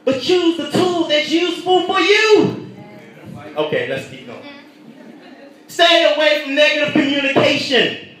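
A man preaching a sermon, animated, shouting at the peaks and acting out voices in his stories. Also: extremely high pitch, measured pace, long pauses. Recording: echoey hall, voice from far off.

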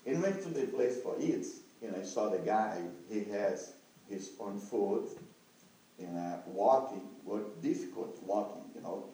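A man in his own recounts a testimony at an unhurried pace, with his pitch swinging widely as he leaps into excited highs. His tone is dark and mellow. He sounds distant, in a strongly echoing room with a faint hum of noise. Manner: halting non-native English, jumps to high excited exclamations. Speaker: evangelist sharing a testimony. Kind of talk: animated testimony to a listening audience.

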